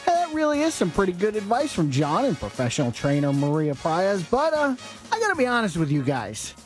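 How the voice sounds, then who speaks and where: A woman announcer introduces a radio segment in a playful voice that swoops widely up and down in pitch. A faint music bed runs underneath her. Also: fairly quick. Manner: lively and playful. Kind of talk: show segment hosting.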